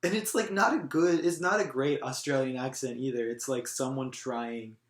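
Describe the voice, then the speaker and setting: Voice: medium pitch, moderate pace. A co-host of a movie review show, talking in a casual, chatty and opinionated way. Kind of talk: casual podcast chat. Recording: echoey room.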